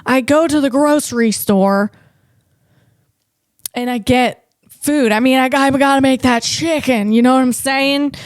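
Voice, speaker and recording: A woman with a fairly high voice hosts a comedy podcast and spins loose, rambling stories about her family. She gushes and drifts, tossing in a playful "man" and "you know" as she goes. Her voice sits close and dry, with almost no room sound. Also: measured pace, long pauses, no echo. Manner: gushing and animated about family. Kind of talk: casual comic storytelling.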